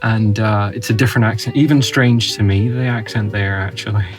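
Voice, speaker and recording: A man from Northern Ireland with a Northern Irish accent, hosting a relaxed podcast chat and asking his guest questions. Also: lowish voice, brisk, soft background music. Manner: chatty, agreeable, asks questions. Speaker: podcast host. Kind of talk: casual conversation.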